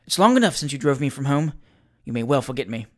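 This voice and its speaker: A man's voice: big pitch swings, fast, darkish tone, close to an everyday voice. A man voicing a desperate young man on the run, who speaks hastily and bluntly. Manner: hasty, low and blunt.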